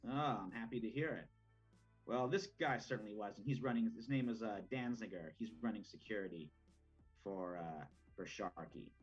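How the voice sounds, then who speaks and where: A smooth older mob boss who lays out his plans slowly and deliberately, played by a man running a tabletop game. The voice sits at a middling pitch with a husky edge. The recording is muffled and lo-fi, with faint music underneath. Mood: scheming. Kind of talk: tabletop role-play.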